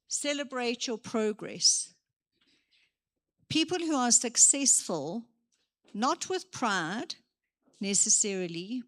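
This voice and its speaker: A woman giving a motivational career day talk in a church hall, lively and full of acted examples. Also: mid-range voice. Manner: lively, gives acted examples, moves around.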